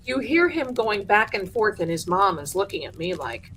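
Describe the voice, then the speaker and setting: A woman hosting a live show, telling a haunted house story with lively energy and acting out the people in it. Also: mid-range voice, normal speed, slight background noise. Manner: animated, acts out the people in her story. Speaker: host.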